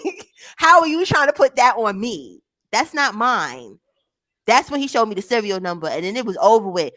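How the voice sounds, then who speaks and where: A woman's voice: on the high side, a little fast, dry recording. A young woman in casual chat, telling a story with lots of swearing and acting out the voices of her family. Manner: animated, swearing, acts out family members' voices.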